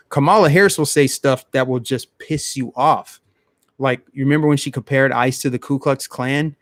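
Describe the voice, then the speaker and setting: A man's voice: mid-range voice, moderate pace, no room sound, clean studio sound. A man hosting a live stream, ranting bluntly in casual commentary and talking straight to his chat.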